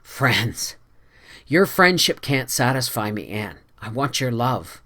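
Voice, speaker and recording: A reader voicing an earnest young man in an audiobook, speaking quietly and steadily. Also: mid-range voice, very animated, takes it slowly. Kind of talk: audiobook character voice.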